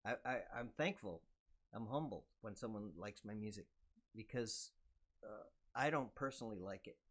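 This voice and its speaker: An older man talking casually. He speaks softly and humbly, agreeing easily as he reflects aloud. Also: on the low side, animated, normal speed. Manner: soft-spoken, humble, agreeable. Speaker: musician guest. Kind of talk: casual conversation.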